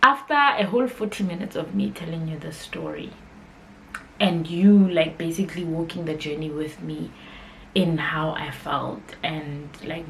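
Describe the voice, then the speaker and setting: A woman's voice: low-pitched, a bit bright, slight background noise, rough recording. Candid woman telling a personal story. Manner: candid and conversational, emotional at times. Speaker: podcast host.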